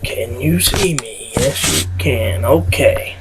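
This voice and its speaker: Slow, scratchy-voiced Kentucky man. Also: medium pitch. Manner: halting, with many fillers and pauses. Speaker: vlogger. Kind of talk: casual vlog talk. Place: small room with a door, indoors.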